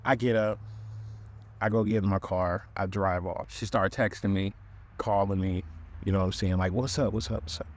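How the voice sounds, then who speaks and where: A male podcast host telling a comedic dating story in an animated way, talking right to his listeners. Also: low-pitched, normal speed.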